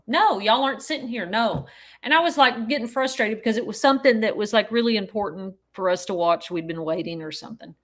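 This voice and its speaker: A woman's voice: mid-range voice, fast talker, hardly any pauses, fairly bright tone. A woman co-hosting a podcast, telling a story in a casual way and laughing often as she goes. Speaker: podcast co-host.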